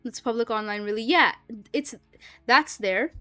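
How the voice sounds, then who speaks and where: A woman's voice: on the high side, moderate pace, a bit bright, no echo, soft background music. A young woman streaming, chatting casually and rambling with lots of fillers and frequent laughs. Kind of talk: casual livestream chat.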